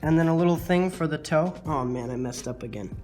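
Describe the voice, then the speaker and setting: A man's voice: fairly high pitch, a little fast, darkish tone, faint music behind. Man for a chatty art tutorial, self-deprecating, loose and rambling, fillers throughout. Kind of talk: casual drawing tutorial.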